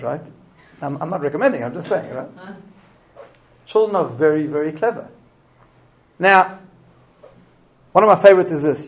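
A man's voice: fairly high pitch, low-quality recording. A middle-aged man giving a live parenting talk to an audience, telling stories with restarts and asking the room questions. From immigrant to Australia. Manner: animated storytelling with restarts and rhetorical questions. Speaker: parenting lecturer.

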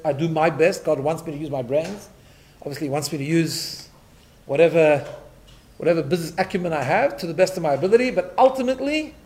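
A middle-aged man with a fairly high, darkish voice teaches a Torah class conversationally. He tells stories, drops Yiddish and Hebrew terms, and keeps checking in with "right?".

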